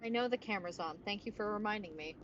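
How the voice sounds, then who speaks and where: A woman's voice: medium pitch, fast talker. A woman streamer chatting casually and playfully while she plays a game. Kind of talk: casual gameplay commentary. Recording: dull with faint hiss.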